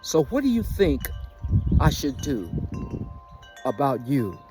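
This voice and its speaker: A man voicing a stern older sheriff grandfather who lectures slowly and commandingly. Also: mid-range voice, very animated, noisy background.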